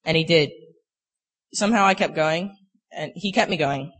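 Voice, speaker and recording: Young man, slightly higher voice, earnest and halting, sharing a faith testimony. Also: fairly bright tone, slightly rough. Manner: earnest, halting, full of "you know" fillers. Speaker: speaker sharing a personal testimony.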